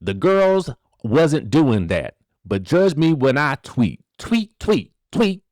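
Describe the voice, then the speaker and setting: A man's voice: mid-range voice, animated, moderate pace, dry recording, clean studio sound, lightly acted. A man putting on a sassy twangy woman. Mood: defiant. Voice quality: country twang. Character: sassy twangy woman reading her own defiant posts.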